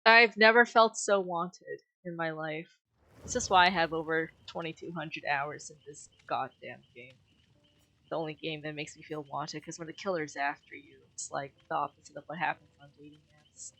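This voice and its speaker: A woman streams a game and talks over it in a loose, rambling way, correcting herself as she goes. Her voice sits a little low but comes out bright and forceful. She gets excitable and laughs easily. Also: normal speed. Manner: rambling, self-correcting reviews. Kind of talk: casual gameplay commentary.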